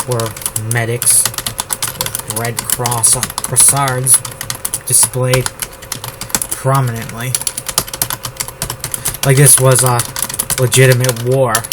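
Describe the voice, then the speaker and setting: A man from the United States drafting his novel out loud, repeating words and phrases as he types them. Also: mid-range voice, heavy background noise. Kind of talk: thinking aloud while drafting a novel. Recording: loud keyboard typing over the voice. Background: keyboard typing.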